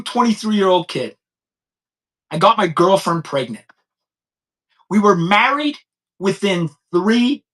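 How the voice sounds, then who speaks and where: A man's voice: high voice, fairly bright tone, rough recording. A man in his fifties hosting a crime-commentary show, talking bluntly in an unscripted monologue and repeating his points. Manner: blunt, repetitive, heated; subdued and halting when recounting personal loss.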